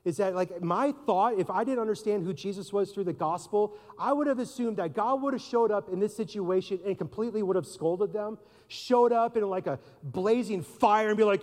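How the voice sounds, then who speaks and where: A man's voice: high-pitched, normal speed, few pauses, a little mellow. A man preaching a sermon in a conversational way, asking the listeners questions and acting out voices. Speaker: pastor. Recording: long reverb of a large hall.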